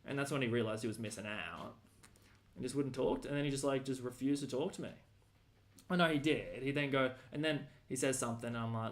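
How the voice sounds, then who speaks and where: A man's voice: medium pitch, fairly quick. An Australian man ranting casually, rambling and slangy with lots of fillers and restarts.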